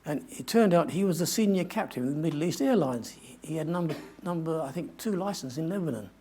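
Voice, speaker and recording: A man's voice: fairly high pitch, lively intonation, fast talker, darkish tone, husky. Older man telling a rambling story. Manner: rambling, self-correcting storyteller. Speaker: guest speaker. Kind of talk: anecdotal storytelling talk. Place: museum talk to an audience.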